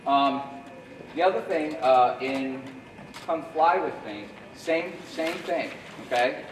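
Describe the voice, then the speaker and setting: A man's voice: mid-range voice, slow, recorded from a distance. A man rehearses a school jazz ensemble, singing rhythms aloud to demonstrate phrasing and counting the band in. His voice is heard from across an echoey room, with constant background noise. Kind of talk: rehearsal coaching.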